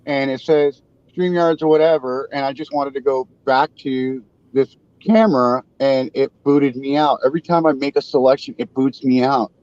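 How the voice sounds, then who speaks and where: A man in his forties hosting a casual live panel, talking haltingly and poking fun at himself. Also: mid-range voice, darkish tone, clear, resonant tone, no room sound, lo-fi sound. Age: 40s. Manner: halting, self-deprecating, restarts often. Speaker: show host.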